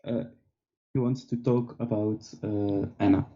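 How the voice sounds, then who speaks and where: A player questions someone in character at a tabletop game, speaking slowly and laughing between lines. The voice sits in a middle pitch and comes through a dull, lo-fi microphone. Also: fairly even intonation, noisy background. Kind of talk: in-character tabletop role-play.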